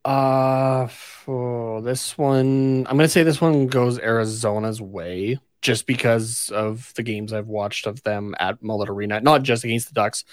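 A man's voice: mid-range voice, no echo. Young male co-host, laid-back, mid voice, reads numbers with fillers, dry recording. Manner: easygoing, reads stats aloud with fillers. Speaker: sports podcast co-host. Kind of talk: casual chat.

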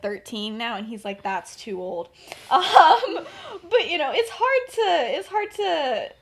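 Rambling woman podcast host. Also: on the high side. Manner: rambling, many fillers, laughs often. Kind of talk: casual retelling of a fan story.

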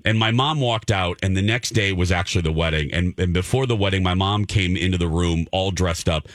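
A man's voice: low voice, brisk, dry recording, studio quality. A man hosting a morning radio show, chatting effusively with guests and running segments. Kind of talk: casual morning radio chat.

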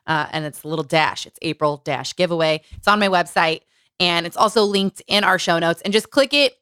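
A woman's voice: lowish voice, fairly quick, fairly bright tone, clean tone, no echo, studio quality. A woman co-hosting a podcast, recapping a memoir in a chatty way with lots of "like" and frequent laughs. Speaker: podcast co-host. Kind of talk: casual book chat.

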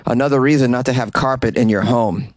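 A man's voice: mid-range voice, a little fast, no room sound. A man hosting a comedic news podcast, reading odd stories with wry, joking asides, recorded in a closet. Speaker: podcast host.

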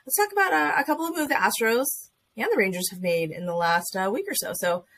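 Woman host, animated chat, acts out quotes. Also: fairly high pitch, fast. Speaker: podcast host. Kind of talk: casual chat.

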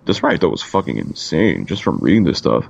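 A laid-back man from Canada co-hosts a casual podcast with a very deep, gravelly voice. He swears freely and leans on "like" between phrases. The sound is a little dull and lo-fi. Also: big pitch swings, a little fast, a little mellow. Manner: laid-back, swears a lot, lots of "like" fillers. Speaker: podcast co-host.

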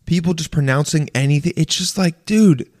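A man delivering an animated, profane rant in a casual monologue, stammering and restarting often. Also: fairly high pitch, normal speed. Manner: profane, exasperated, animated ranting.

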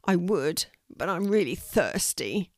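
A woman's voice: lowish voice, animated, takes it slowly, darkish tone, dry recording, clean studio sound, full character voice. A woman voicing a curious young boy in a children's storybook, complaining and irritable about the heat. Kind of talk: storybook reading.

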